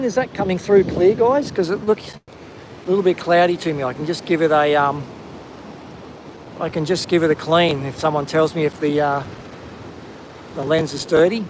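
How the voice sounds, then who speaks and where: A man's voice: high-pitched, unhurried, long pauses, background noise. A man with an Australian accent hosting a live stream while walking outdoors, chatting casually and greeting viewers by name. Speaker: livestream host. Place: outdoors on a windy coastal headland.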